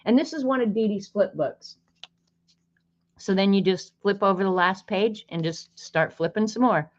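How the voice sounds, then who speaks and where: A woman's voice: medium pitch, moderate pace. A woman hosting a casual art livestream, chatting, greeting viewers by name and reading snarky sayings aloud. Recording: dull lo-fi stream audio.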